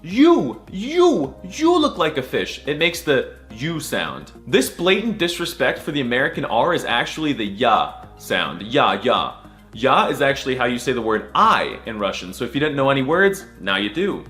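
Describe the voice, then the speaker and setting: Animated young man, comic narration. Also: medium pitch, normal speed, hardly any pauses, soft background music. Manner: mock-serious, crude jokes, silly letter sounds. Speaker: comedic video narrator. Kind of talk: comedic scripted narration.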